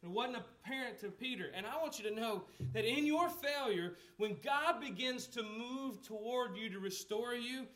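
A high-voiced man preaches in a relaxed, conversational way. He asks the listeners questions and acts out the lines of the people in the story. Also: normal speed, few pauses. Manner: conversational preaching with rhetorical questions, acting out quotes. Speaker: pastor. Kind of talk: sermon.

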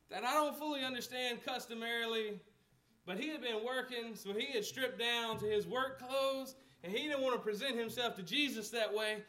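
High-voiced preacher, conversational. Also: male voice, fairly bright tone. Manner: conversational preaching with rhetorical questions, acting out quotes. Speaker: pastor. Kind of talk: sermon.

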